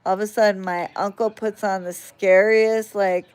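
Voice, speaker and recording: A woman casually telling a story on a phone vlog, swearing freely and getting animated as she retells it. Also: medium pitch, normal speed, clean tone. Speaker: vlogger.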